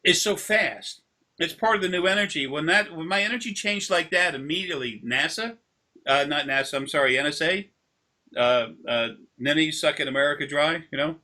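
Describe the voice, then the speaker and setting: Guy on a video call, energy healer type, bright voice, rambles on and on in long tangents. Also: a little high, normal speed. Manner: rambling, drifting into long anecdotes. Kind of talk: casual explanation during a session.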